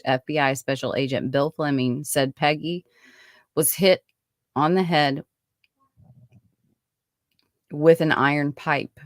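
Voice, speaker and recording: A woman with a rumbling low voice hosts a true-crime podcast, casually reading her own write-up of a case. She's chatty, dropping in asides, lots of fillers and restarts between the read passages. The recording is dry and clean, with studio sound.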